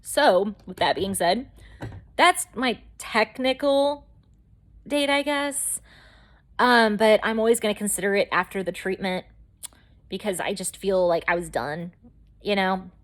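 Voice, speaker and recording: A woman's voice: mid-range voice, steady tone, moderate pace. A woman vlogger telling her own story in a chatty, rambling way with lots of fillers. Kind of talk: casual storytelling to camera.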